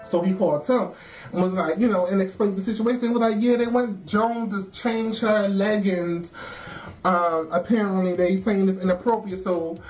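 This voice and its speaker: A woman's voice: mid-range voice, moderate pace, darkish tone. A woman, telling a casual work story, laughing often and acting out the voices of the people she quotes.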